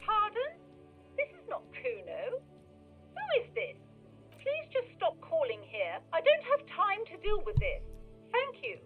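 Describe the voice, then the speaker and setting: A man's voice: very high voice, wildly swooping pitch, measured pace, pauses often, phone-quality sound, faint music behind, voice pushed up, exaggerated voice. A man voicing an impatient woman on the phone who tells a caller to stop ringing her. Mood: prim impatience. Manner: prim, impatient.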